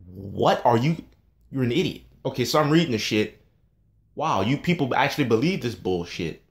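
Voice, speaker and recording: A man's voice: medium pitch, lively intonation, normal speed, creaky. A man in a casual monologue, ranting in a heated, scornful and profane way.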